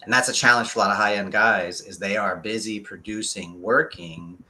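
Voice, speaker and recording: A man who is a guest consultant on a live talk show, speaking with excitement and drive, racing ahead and then deliberately slowing down to press his points. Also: fairly low pitch.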